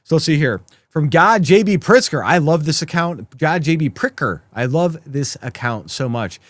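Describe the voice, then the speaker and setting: A man's voice: fairly high pitch, animated, normal speed, a bit bright, dry recording. A man hosting a live political commentary show, talking sarcastically and mockingly to his viewers.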